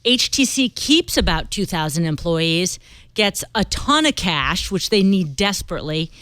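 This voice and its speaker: A woman guest-hosting a tech talk panel in a brisk, joking way. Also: fairly low pitch, big pitch swings, fairly bright tone, smooth, dry recording. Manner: playful, brisk, jokey. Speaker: guest host.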